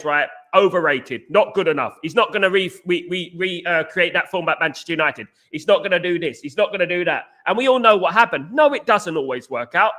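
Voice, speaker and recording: A man's voice: high-pitched, pushed and bright. A man hosting a football fan channel, talking casually and animatedly to viewers, repeating himself and calling them guys. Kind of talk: casual football chat livestream.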